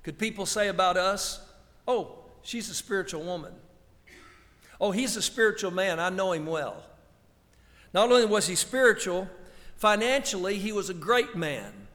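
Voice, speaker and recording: High-voiced preacher in a reverberant hall. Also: male voice, lively intonation, fairly bright tone. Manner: slow, emphatic preaching with drawn-out quotations. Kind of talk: sermon.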